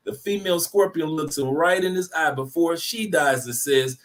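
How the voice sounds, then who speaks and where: A man holds forth in a casual talk, slangy and animated, stacking up repeated words as he builds his point. His voice sits somewhat high for a man. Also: normal speed, few pauses. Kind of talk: casual discussion, storytelling.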